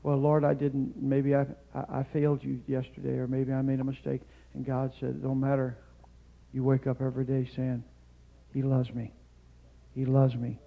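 Gravelly man preaching with rising fervor. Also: mid-range voice, phone-quality sound. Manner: shouts to preaching peaks, then drops to a calm storytelling tone; fills pauses with "amen" and "hallelujah". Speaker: guest preacher, missionary. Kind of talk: Pentecostal sermon. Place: church sanctuary.

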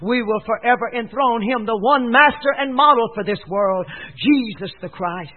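High-voiced fervent preacher, tinny recording. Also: male voice, moderate pace. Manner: fervent call-and-response preaching, swings from hushed to shouting. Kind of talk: sermon. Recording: tinny phone-like old recording with faint hiss.

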